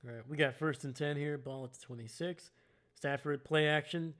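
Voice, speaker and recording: A man calling a game live for his stream, slightly higher-pitched than most men. He talks casually, laughs at himself, and lifts his voice when a big play happens. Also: normal speed, a bit bright.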